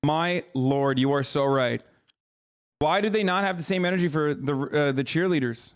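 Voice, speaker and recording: A man's voice: on the high side, normal speed, smooth. A man streaming live reaction commentary, mocking and incredulous in a casual way.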